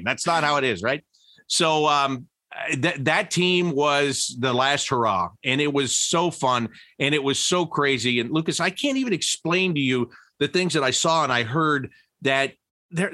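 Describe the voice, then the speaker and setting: A middle-aged man who used to be a broadcaster shares stories during a relaxed interview, speaking at normal speed. He restarts many times, and excitement sends his pitch jumping up. The audio is studio quality, free of room sound.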